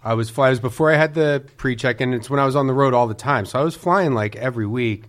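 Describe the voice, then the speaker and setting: A man hosting a podcast, telling a profane comic story and loudly acting out the people in it. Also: mid-range voice, fast. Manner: profane, acts out people in quotes, loud bursts of mock yelling.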